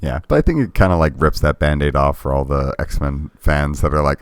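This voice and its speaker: A man's voice: extremely low pitch, a little fast, few pauses, smooth, no echo. A man co-hosting a casual retro gaming podcast, talking in a laid-back, hesitant way with lots of ums and restarts. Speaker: podcast co-host. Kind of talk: casual chat about retro games.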